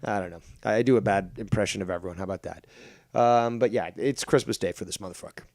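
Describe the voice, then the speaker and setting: A man's voice: on the low side, fast talker, dry recording, clean studio sound. A man hosting a livestream show, talking casually, rambling and swearing. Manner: rambling, profane, animated.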